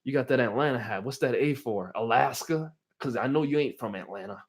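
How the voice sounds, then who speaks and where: A man voicing a rough male police officer who taunts and curses at a young man. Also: mid-range voice, brisk. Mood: mocking.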